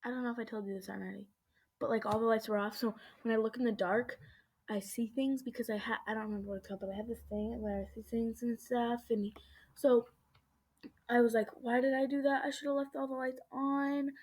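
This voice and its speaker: Woman vlogger, slightly high voice, still shaken, rambling storytime into a laptop webcam at home. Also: fairly even intonation, brisk, darkish tone, husky. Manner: rambling retelling full of "I was like", restarts and nervous laughs. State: shaken and uneasy. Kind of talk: casual storytime vlog. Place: indoors at home. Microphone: laptop webcam mic.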